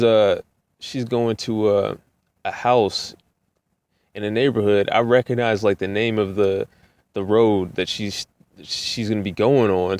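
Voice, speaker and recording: A man's voice: fairly low pitch, no room sound. A young man and rideshare driver telling a story in a laid-back, casual way, often repeating filler phrases. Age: young adult.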